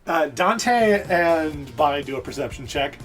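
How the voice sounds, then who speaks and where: A man narrating as game master in a chatty, lively way. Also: on the high side, unhurried, over music.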